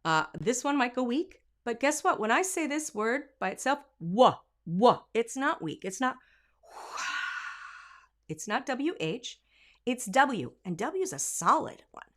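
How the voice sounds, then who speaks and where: A woman's voice: high voice, sing-song, unhurried, a bit bright. A woman vocal coach giving a singing lesson, explaining technique and breaking into short sung and spoken examples.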